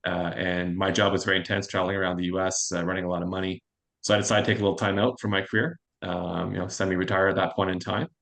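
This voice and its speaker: A man in his forties, a fund manager guest, telling his career story in an interview with a quick, self-assured manner. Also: deep voice, level tone, vocal fry, a bit bright. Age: 40s. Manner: fast, anecdotal and self-assured.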